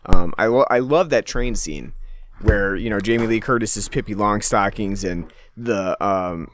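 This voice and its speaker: A man discussing a film in casual talk, rambling with many fillers and restarts in a relaxed way. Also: lowish voice, normal speed, slight background noise. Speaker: podcast co-host.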